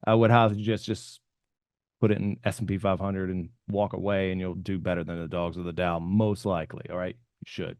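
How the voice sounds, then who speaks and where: A man co-hosting an investing podcast, explaining trades in a relaxed, conversational way that trails off softer at the ends of his points. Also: deep voice, fairly quick, no echo, clean studio sound. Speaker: podcast co-host explaining options trading. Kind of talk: casual explanatory podcast talk.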